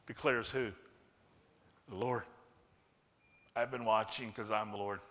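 A man preaching a sermon, animated and acting out the voices of the people in the story. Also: fairly low pitch, a little slow. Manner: animated, acts out quoted voices. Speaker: pastor. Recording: long hall reverb.

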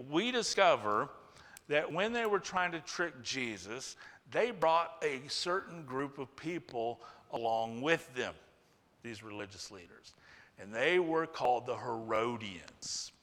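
Guy preaching in a big echoey church, bright punchy voice, acts out the voices. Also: mid-range voice, unhurried. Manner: animated, acts out quoted voices. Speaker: pastor. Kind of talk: sermon. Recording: long hall reverb.

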